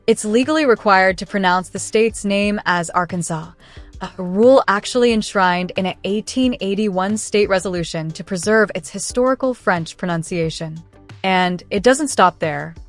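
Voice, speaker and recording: A woman giving scripted documentary-style narration for a fact countdown, in a smooth, evenly paced read with no fillers. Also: mid-range voice.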